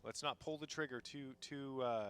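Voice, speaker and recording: Canadian male stream co-caster, bright forceful voice, teasing banter. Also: medium pitch, moderate pace, clear, resonant tone. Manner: jokey, playful teasing. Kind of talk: casual commentary banter.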